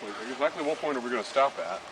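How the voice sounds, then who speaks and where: A man's voice: medium pitch, expressive, rapid-fire. A young man chatting casually with a friend in a vlog, rambling and offhand, often a bit off the camera mic. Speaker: vlogger's friend. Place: outdoors in woods, then indoors at home. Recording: clear background noise, camcorder audio.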